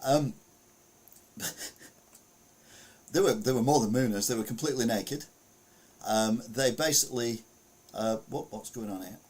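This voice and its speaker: A British man hosts a casual news podcast, rambling and chuckling as he reads stories and mutters asides to himself while sharing his screen. His medium-pitched, darkish voice is a little slow, with long pauses.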